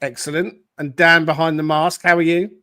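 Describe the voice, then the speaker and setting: A man hosting a football podcast, reading a spooky dramatic intro and then chatting quickly and casually. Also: on the high side, level tone, pushed and bright, no echo. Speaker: podcast host. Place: Nottingham podcast studio.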